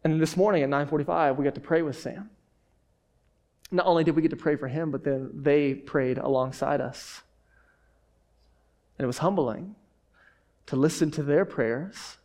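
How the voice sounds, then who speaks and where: A male pastor giving a sermon in an animated, conversational storytelling manner, dropping in frequent "like"s. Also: fairly high pitch, normal speed, pauses often.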